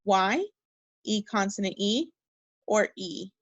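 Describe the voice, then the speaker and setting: Second grade teacher lady talking real slow, cheery and patient, spelling letters out one by one, dry sound. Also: mid-range voice, no room sound, muffled recording. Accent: Minnesota. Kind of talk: recorded remote phonics lesson.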